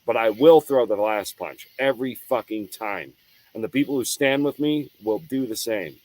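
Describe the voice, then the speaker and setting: An adult man delivers an unscripted monologue on his own show in a mid-pitched voice. He talks in a heated, profane rush, stumbling over restarts and then slamming down hard on key words. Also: moderate pace, darkish tone, poor audio. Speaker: show host.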